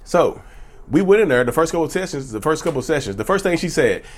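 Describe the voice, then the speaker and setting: A man's voice: fairly high pitch, expressive, fast. A man in his thirties hosting his own vlog, talking earnestly and emphatically and repeating phrases for stress. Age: 30s. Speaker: channel host. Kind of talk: personal vlog monologue.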